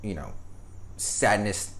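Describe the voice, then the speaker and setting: Man, low voice, casual podcast chat, halting, full of fillers and restarts. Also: fairly bright tone, slight background noise. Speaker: podcast co-host.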